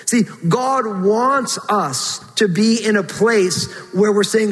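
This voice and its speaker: Man, pastor, earnest sermon, high voice, long hall reverb. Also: slow, few pauses, fairly bright tone. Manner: earnest preaching, rising to a pleading pitch when voicing prayers.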